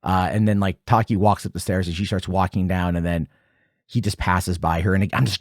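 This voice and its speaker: A man in his forties hosting a casual film commentary, animated and jumping high in pitch when excited. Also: fairly quick, dry recording, studio quality. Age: 40s. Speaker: podcast host.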